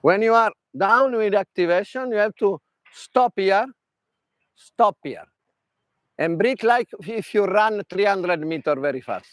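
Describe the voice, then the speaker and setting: An Italian man speaking non-native English with an Italian accent, giving an animated workshop talk as a tennis mental coach, in broken English with demonstrations. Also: high voice, measured pace, no echo.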